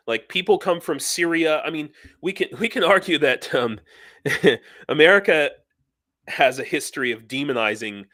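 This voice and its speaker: Hosting a live stream, this middle-aged man speaks at medium pitch. His talk is casual and rambling but animated, full of fillers and false starts.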